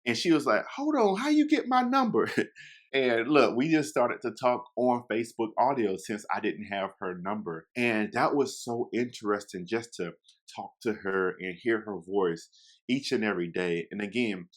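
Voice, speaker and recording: Speaking at a moderate pace, a young man tells a relaxed story in a fairly low voice. He's lively and talkative, acting out quoted lines and addressing the people listening head-on.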